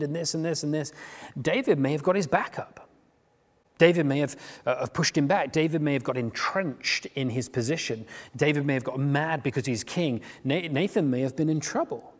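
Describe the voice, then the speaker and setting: A man preaching a sermon in a conversational, animated way, often restarting his sentences as he retells a story. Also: a little high. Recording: long hall reverb.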